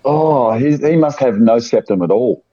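A man's voice: mid-range voice, expressive, normal speed, mellow. A man from South Australia, chatting casually and telling rambling anecdotes, acting out the people in them. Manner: rambling anecdotal storyteller, acts out quoted voices. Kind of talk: casual chat. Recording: dull lo-fi sound.

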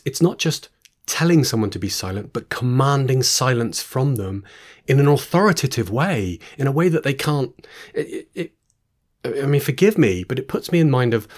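A man giving a Bible teaching, reading verses aloud and then explaining them with informal asides and restarts. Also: medium pitch. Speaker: preacher.

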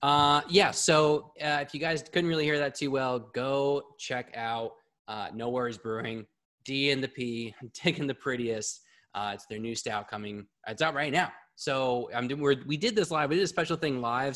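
A man hosting a live podcast, talking in a casual, excitable, rambling way and swearing freely. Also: mid-range voice, moderate pace. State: a bit out of breath. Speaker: podcast host.

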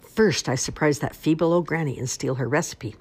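A woman's voice: sits low, brisk, husky. A woman doing a sly, crooning storybook wolf. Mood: gloating. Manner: crooning, gloating, theatrical. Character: sly hungry male wolf, scheming and greedy.

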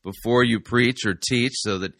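A man's voice: medium pitch, normal speed, gravelly, a bit bright, no echo. A man giving sarcastic commentary on a sermon clip, explaining it as a manipulation technique. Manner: sarcastic and dry. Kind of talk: critical commentary.

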